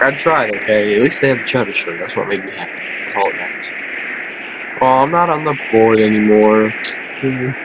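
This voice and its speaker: A tired man giving rambling, chatty commentary over a video game, with quieter mumbled asides. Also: on the low side, muffled recording, background noise. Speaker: gameplay commentator.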